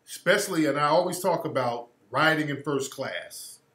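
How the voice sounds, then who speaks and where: Male radio host, casual and profane, laughing storyteller, slightly high voice, echoey room. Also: moderate pace, a bit bright. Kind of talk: casual monologue. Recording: roomy echo.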